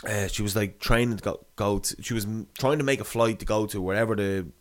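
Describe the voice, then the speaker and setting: A man's voice: on the low side, fast. A young man telling a long, rambling anecdote in casual chat, swearing and laughing as he goes. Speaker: storyteller.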